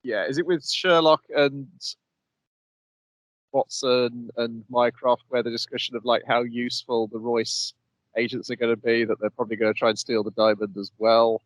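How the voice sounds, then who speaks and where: A man's voice: mid-range voice, level tone, moderate pace, dry recording, dull audio. A man co-hosting a podcast, steadily summarizing anime plot in casual chat, with frequent "um"s. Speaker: podcast co-host.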